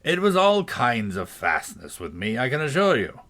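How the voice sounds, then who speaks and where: A man's voice: medium pitch, huge pitch swings, moderate pace, a bit bright. A man doing a solemn, rambling old knight. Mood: earnest, rambling. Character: clumsy, earnest old male inventor-knight. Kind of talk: storybook reading.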